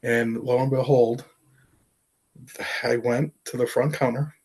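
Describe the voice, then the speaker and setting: A man's voice: medium pitch, steady tone, a little mellow, slightly rough. Earnest man telling a painful story. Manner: earnest, emotional, halting with fillers. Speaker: artist and professor. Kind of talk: personal storytelling interview.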